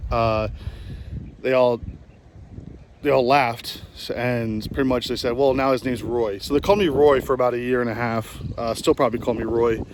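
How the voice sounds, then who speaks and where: Outdoors on a golf course, a vlogger in his late twenties with a New Jersey accent tells rambling, self-deprecating stories full of fillers and restarts. His voice is medium-pitched, with a little hiss or hum in the audio.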